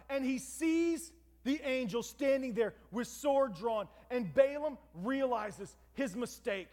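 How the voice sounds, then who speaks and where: Male preacher with a very high voice, animated storytelling sermon, long hall reverb. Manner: lively, dramatic retelling with asides to listeners.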